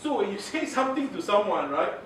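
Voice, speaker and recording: A man giving a lively communications workshop to an audience, laughing often and acting out examples. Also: high-pitched, fairly quick, a little hiss or hum. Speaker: communications trainer. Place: large room with audience. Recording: very echoey room, voice from far off.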